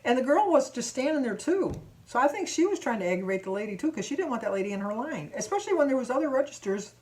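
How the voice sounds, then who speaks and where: A woman's voice: sits high, sing-song, fast talker, a little mellow. A middle-aged woman from Michigan in a casual vlog, chattily retelling a run-in at a store checkout in an indignant, talkative way. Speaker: vlogger.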